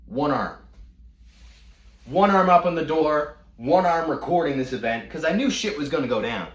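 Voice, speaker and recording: A young man telling a storytime rant with animated, profane delivery. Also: fairly high pitch, normal speed. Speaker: vlogger. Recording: echoey room.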